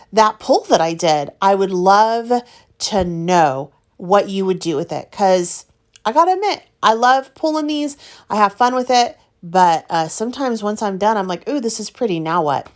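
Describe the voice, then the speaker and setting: A woman's voice: mid-range voice, animated, a little slow. Woman, casual craft vlog host, candid, chatty, frank about frustration. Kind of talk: casual chat narrating her art process.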